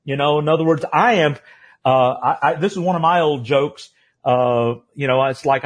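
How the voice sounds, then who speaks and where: A man's voice: fairly high pitch, moderate pace. A man hosting a live interview show, who chats in a rambling way with many restarts.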